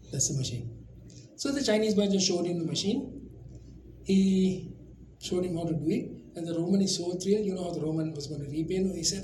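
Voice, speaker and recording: A man delivers a public lecture and weaves in humorous stories and chatty asides. His voice sits high and sounds mellow. The sound is roomy, with a faint hiss in the background. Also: fairly quick. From Sri Lanka.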